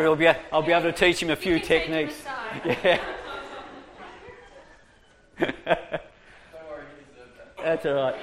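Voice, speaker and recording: A man's voice: a little high, noisy background. A man giving a humorous teaching talk to an audience of church workers, chuckling often and acting out quoted voices. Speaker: preacher training children's ministry workers.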